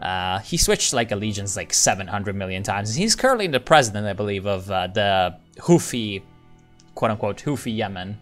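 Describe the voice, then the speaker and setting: A man's voice: on the low side, expressive, normal speed, soft background music. Rambling male game commentator. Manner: rambling, self-interrupting, swears, laughs often. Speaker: game streamer. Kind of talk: casual gameplay commentary.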